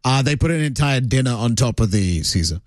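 A man's voice: mid-range voice, animated, fairly quick, no room sound. A middle-aged man hosting a talk radio show, chatting casually and joking with many fillers. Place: radio studio. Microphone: studio mic.

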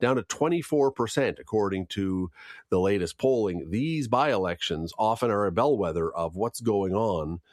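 Guy on morning radio, low voice, dry studio sound, reading headlines with asides. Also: no room sound. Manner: lively, chatty, jokes aside. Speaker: radio host. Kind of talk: morning radio news and chat.

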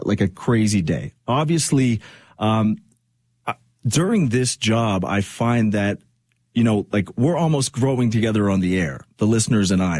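A man's voice: on the low side, a little mellow, slightly rough, dry recording. A man hosting a radio talk show, speaking in an earnest, reflective monologue that rambles with fillers. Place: radio studio.

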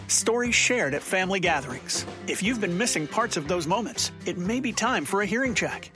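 Man, gentle radio ad read, higher voice, music bed. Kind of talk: radio ad voice-over.

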